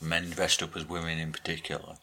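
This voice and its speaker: A man's voice: very deep voice, completely flat delivery, a little fast, sharp tone, a little hiss or hum. A man co-hosting a podcast in casual chat, earnest and argumentative, restarting his words often. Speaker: podcast co-host.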